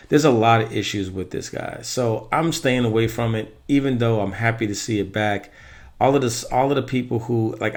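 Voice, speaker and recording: A man's voice: on the low side, darkish tone. A man casually giving his opinions on Halloween animatronics in a rambling vlog, correcting himself as he goes. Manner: chatty, rambling with self-corrections. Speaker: Halloween prop reviewer.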